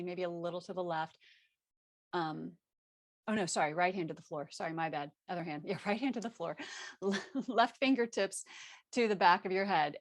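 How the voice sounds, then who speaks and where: A woman teaching a live online yoga class, giving calm, steady cues over a video call. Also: on the low side, dry recording. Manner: calm cueing with self-correcting laughs.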